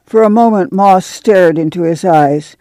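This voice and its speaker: A woman narrating a novel in a steady audiobook reading. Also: fairly low pitch, measured pace, no room sound.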